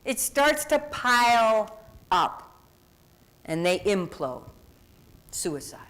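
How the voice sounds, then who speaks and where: Lively woman lecturing an audience. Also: mid-range voice, takes it slowly. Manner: conversational, quizzing the audience. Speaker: diversity speaker.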